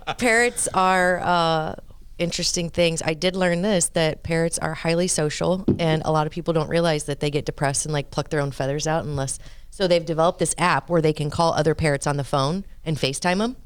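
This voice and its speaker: A woman's voice: low voice, fairly even intonation, a little fast, slight background noise. A woman co-hosting a podcast, chatty and eager to share trivia in casual talk. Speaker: podcast co-host. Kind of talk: casual chat.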